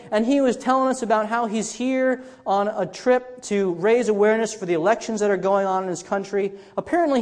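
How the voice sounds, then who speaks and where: Conversational pastor in a reverberant church. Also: male voice, high-pitched, a little mellow. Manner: conversational storytelling with frequent restarts. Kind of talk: sermon.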